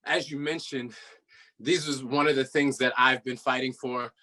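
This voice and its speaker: A man, a rapper and political organizer, speaking earnestly to an online audience in quick bursts with fillers. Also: mid-range voice, steady tone, sharp tone. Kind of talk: casual speech to a virtual audience.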